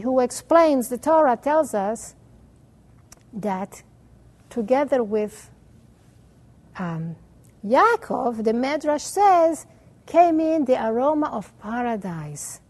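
Woman teaching a bible story, high voice, lively storyteller, hebrew words here and there. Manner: animated storyteller, uses Hebrew terms. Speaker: religious teacher. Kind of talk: storytelling lesson.

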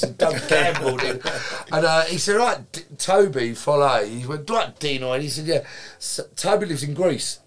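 A man, a guest telling lively anecdotes in casual chat, swearing freely and acting out quotes. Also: fairly high pitch, normal speed, crowd noise. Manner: animated, swears freely, acts out quotes, laughs while telling.

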